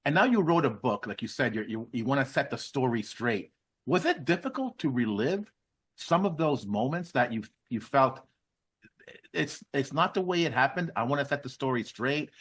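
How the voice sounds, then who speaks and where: A podcast co-host with a husky, mid-pitched voice. He asks long, earnest questions that wind around before landing. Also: fairly bright tone. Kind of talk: interview questions.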